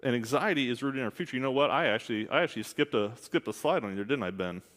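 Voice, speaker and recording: A man's voice: mid-range voice, expressive, racing, a bit bright. A man preaching a sermon as a minister, speaking candidly and conversationally with asides. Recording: long hall reverb.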